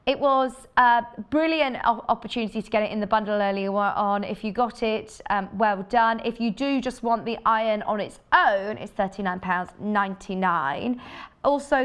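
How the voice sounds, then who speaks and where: A woman presenting a live home shopping show, chatty and enthusiastic, chatting with off-camera crew between sales pitches. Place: TV studio.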